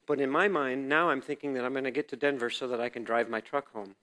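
A fast-talking man with a mid-range voice and fairly even intonation delivers his testimony to a church congregation. He performs the dialogue of his story, moving between quiet reflection and emphatic, loud moments.

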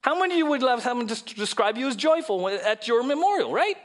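A middle-aged man preaches to his congregation with a high, lively voice. He swings from loud, mocking put-on voices to quiet asides. The delivery is animated and conversational. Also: fast. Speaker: pastor. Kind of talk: sermon. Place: church sanctuary.

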